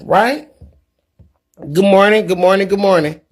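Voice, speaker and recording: A woman talking casually to her viewers in a vlog, in an animated, preachy, folksy way. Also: medium pitch, unhurried, husky. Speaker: vlogger. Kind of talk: casual talk to camera.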